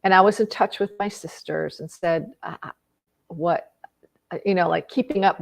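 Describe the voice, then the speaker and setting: Here is a middle-aged woman with a fairly low voice, speaking with earnest feeling as she works through a personal story. She often stops to restart a thought and fills gaps with small fillers while she reflects on her own mistakes. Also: normal speed, creaky.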